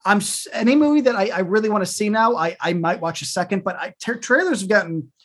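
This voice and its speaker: A co-host in casual chat, talking in an animated way with stammering restarts. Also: mid-range voice, fast talker.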